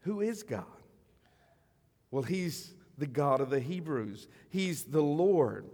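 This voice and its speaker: A man preaching a sermon as a pastor, in a conversational style, slowing down for emphasis and sometimes dropping almost to a whisper. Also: on the high side, big pitch swings, a little mellow. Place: church sanctuary. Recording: long reverb of a church hall.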